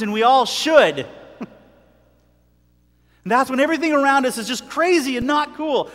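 Guy preaching, chatty, retelling bible bits, high voice, long echo. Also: a bit bright. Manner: conversational, acts out scripture voices. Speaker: pastor. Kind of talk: sermon. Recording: long hall reverb.

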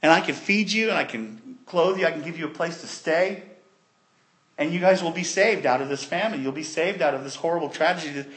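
A preacher voicing a calm, forgiving ruler. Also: male voice, on the high side, brisk, natural voice. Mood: reassuring. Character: forgiving powerful man, calm and kind.

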